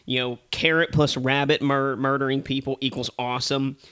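A man co-hosting a casual movie review chat, ranting with animated, profane exasperation. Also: mid-range voice, normal speed, clear, resonant tone.

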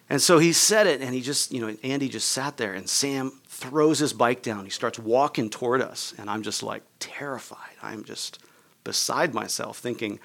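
This pastor's medium-pitched voice is gravelly and fairly bright, moving at a moderate pace. He tells a personal story in his sermon casually, acting out the people involved and sprinkling in plenty of "like" and "right?"

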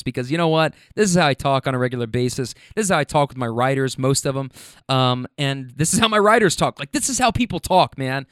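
Smooth-voiced young man rambling, profane podcast storyteller. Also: medium pitch, lively intonation, quick pace, a bit bright, no room sound, clean studio sound. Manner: rambling, profane, keeps checking in with listeners. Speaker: podcast host. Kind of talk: casual storytelling.

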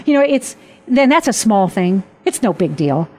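A woman hosting a Christian talk show, telling stories in a chatty, animated way with frequent laughs. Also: mid-range voice, normal speed. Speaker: host.

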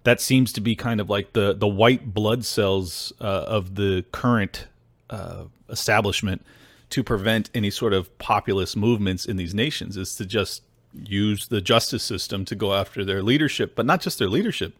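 A man's voice: fairly low pitch, normal speed, dry recording. A man hosting a podcast, delivering heated, sarcastic and profane political commentary. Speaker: podcast host.

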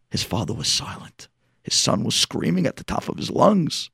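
A man preaching a story-driven sermon. His gravelly voice rides high and moves through a wide, animated range. He acts out each character, dropping to a hush and then rising to shouts, in a dry, close sound. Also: a little slow, dry recording. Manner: acts out the dialogue with big swings from hushed to shouting. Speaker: rabbi.

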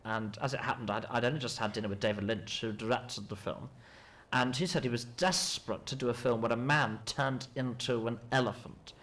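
Guy rambling through an interview, lots of ums, dry deadpan. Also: mid-range voice, brisk. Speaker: actor being interviewed. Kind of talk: mock interview.

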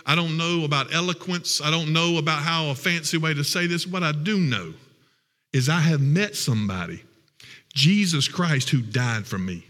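A man preaches a sermon in a folksy, emotional, conversational way. His voice sits high and bright. A long hall reverb follows each phrase. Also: normal speed.

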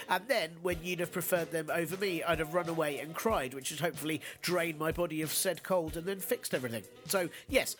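A man hosting a podcast, stuffed up and nasal from a cold, delivering sardonic news jokes and casual chat. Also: high-pitched. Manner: sardonic, deadpan jokes with fillers. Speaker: podcast host.

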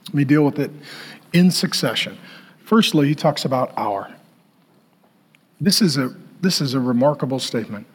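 A man preaching a sermon to a congregation, animated, with playful asides and sudden loud bursts. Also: medium pitch, moderate pace, long pauses, husky. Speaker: pastor.

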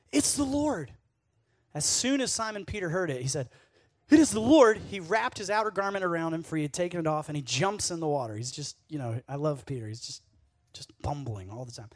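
A man's voice: on the high side, dry recording, studio quality. Playful man giving a casual sermon. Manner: conversational, playful, acts out quotes. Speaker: speaker at a youth camp.

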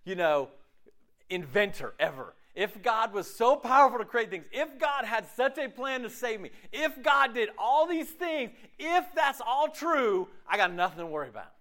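A man leading a faith-based group discussion, animated and preachy, who keeps checking in with rhetorical questions. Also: high voice. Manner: animated, peppered with rhetorical "okay?". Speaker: discussion leader.

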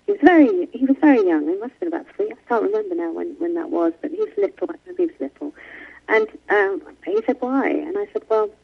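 Woman author, gravelly tone, lively swooping pitch, muffled line. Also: fast. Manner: animated, many restarts and asides. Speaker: author guest. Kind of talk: remote interview conversation. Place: home in London.

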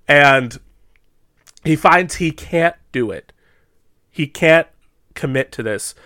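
A young man co-hosting a podcast, telling a story in a casual, animated way with plenty of laughs. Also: fairly high pitch, slow, long pauses, no room sound, clean studio sound. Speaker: podcast co-host. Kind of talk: casual chat.

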